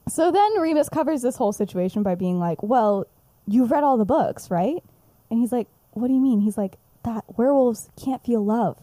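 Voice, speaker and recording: Giggly young woman, dark mellow voice. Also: fairly high pitch, moderate pace, no room sound. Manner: animated, giggly, acts out the characters' lines. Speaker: podcast co-host. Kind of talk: casual chat, retelling her own story.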